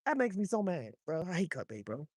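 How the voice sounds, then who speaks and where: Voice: mid-range voice, very animated, brisk, a little mellow, no room sound. A fishing vlogger chatting casually and with a lot of swearing, talking to viewers and to the fish while out by the water at night. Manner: loose, profane, talks to chat and to the fish. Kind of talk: casual live-stream chat while fishing.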